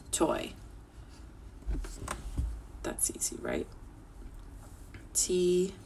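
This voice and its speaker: A woman's voice: low-pitched, slight background noise. A woman teacher, patient and encouraging, sounding out and spelling words letter by letter for children over a video call. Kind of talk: slow, clear spelling lesson for children. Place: home, remote teaching.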